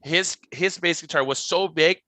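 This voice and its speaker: Guesting on a podcast, a young band member from Costa Rica spins a casual, rambling tour story, swearing, saying "like" constantly and restarting sentences. His very bright, forceful voice sits a little high for a man and moves at normal speed. It sounds dry and close-miked, with no echo or room sound.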